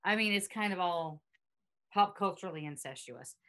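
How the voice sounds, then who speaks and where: A woman's voice: lowish voice, lively intonation, moderate pace, fairly bright tone. A woman hosting a podcast in casual chat, reading out facts and quotes with chatty asides. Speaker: podcast host.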